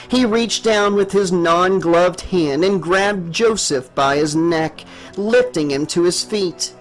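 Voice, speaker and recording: A man narrating his own horror novel in a steady, dramatic storytelling manner. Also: on the high side, rough recording. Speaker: author and narrator. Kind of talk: audiobook narration.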